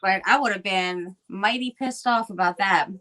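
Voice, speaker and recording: A woman's voice: mid-range voice, moderate pace, pushed and bright. A middle-aged woman chatting casually while she crafts live, rambling with many fillers and restarts. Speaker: crafting livestream guest.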